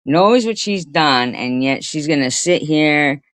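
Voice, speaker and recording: A woman's voice: deep voice, animated, takes it slowly, fairly bright tone, no room sound. A woman livestreamer giving rambling, indignant, profane commentary to her chat.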